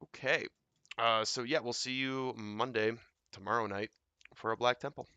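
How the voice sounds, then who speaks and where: A man's voice: mid-range voice, fairly even intonation, moderate pace, bright, forceful tone, clear, resonant tone, no room sound. A man leading a game raid group, giving a casual, matter-of-fact wrap-up with scheduling announcements and occasional fillers, speaking into a desk mic at his computer. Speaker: raid leader and streamer. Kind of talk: casual post-raid wrap-up to guild and stream.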